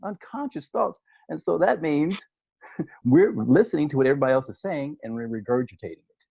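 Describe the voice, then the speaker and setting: A man's voice: a little high, a little fast, vocal fry, dry recording. A man who works with young people, talking on a podcast in an earnest way and often repeating words as he gathers his thoughts. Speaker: youth coach guest. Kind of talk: conversational podcast talk. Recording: dull dry lo-fi sound.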